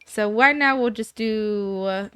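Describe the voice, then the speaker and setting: Animated woman narrating a life-sim game. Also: mid-range voice, slow pace, clear, resonant tone, dry recording. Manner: animated, retells scenes with "she's like" and acted quotes. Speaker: gameplay narrator. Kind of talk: casual let's play commentary.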